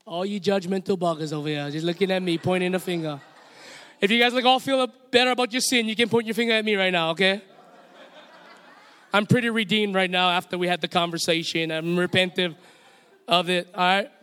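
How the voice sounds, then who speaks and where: A man's voice: high-pitched, fairly even intonation, fairly quick, pushed and bright, clear, resonant tone. A man with a Hawaiian accent preaching a sermon as pastor, playful and direct, calling on the congregation to repeat lines back to him. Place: church sanctuary. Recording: long hall reverb.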